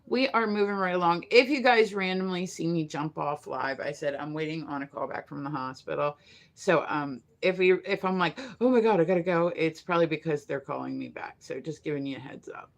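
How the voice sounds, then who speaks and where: Her voice is deep, brisk and creaky as she runs a laid-back morning livestream. She wanders from story to story with plenty of fillers, often laughing at her own expense.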